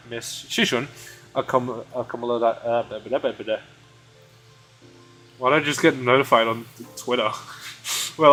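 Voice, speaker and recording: A man streaming a game, reading its dialogue aloud casually with quick asides and stumbles. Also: mid-range voice, fairly bright tone, rough recording.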